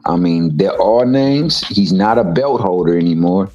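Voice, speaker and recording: A man with a low voice argues his points about boxing in a loose, emphatic way, often stumbling over and repeating words. Faint music sits under the talk. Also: lively intonation, normal speed, warm tone, highs cut off. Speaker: co-host. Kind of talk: casual boxing chat.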